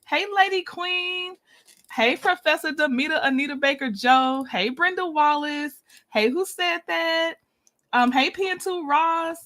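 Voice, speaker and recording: Hosting a relaxed livestream, this woman speaks at a measured pace in a bright, high voice. Her manner is loose and chatty, with frequent laughter and warm greetings to viewers by name.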